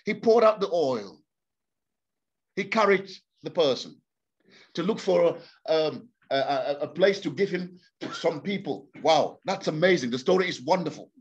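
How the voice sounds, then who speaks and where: A man's voice: fairly high pitch, lively intonation, unhurried. A man preaching a sermon to a congregation, impassioned and repeating words for emphasis. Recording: slightly dull lo-fi sound.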